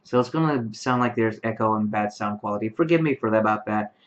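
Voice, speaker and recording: A man's voice: on the low side, fast talker. A man in his late twenties, tired late at night, talking to camera in his bedroom with lots of fillers and restarts. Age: late 20s. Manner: rambling, many fillers and restarts. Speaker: vlogger. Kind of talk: casual talk to camera. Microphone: webcam microphone. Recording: dull lo-fi webcam sound.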